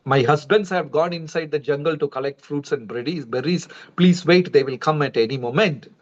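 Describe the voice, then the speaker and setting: A man's voice: fairly high pitch, a little fast, natural voice. A man voicing a gracious, polite queen who speaks courteously and pleads. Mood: welcoming. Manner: courteous, pleading, then warning. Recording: dull lo-fi livestream audio.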